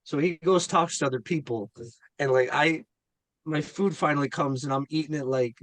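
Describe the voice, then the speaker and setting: A man's voice: a little high, moderate pace, no echo, low-quality recording. A man who acts in indie films, eagerly telling an anecdote with stammers and repeats. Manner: animated storyteller, stammers and repeats with excitement. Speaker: guest filmmaker and actor.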